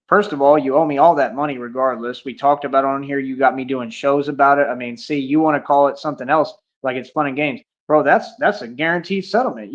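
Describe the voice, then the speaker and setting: A man ranting indignantly on a livestream, confrontational and repetitive, recorded with dull lo-fi audio. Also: a little high. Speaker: streamer. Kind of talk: livestream rant.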